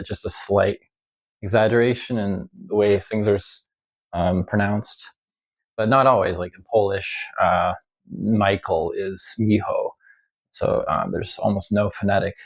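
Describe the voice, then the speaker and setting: A man, a violinist, musing in a casual monologue, hesitant and full of pauses and fillers. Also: fairly low pitch, gravelly, poor audio. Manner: slow, hesitant, many ums and uhs. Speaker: violinist vlogger.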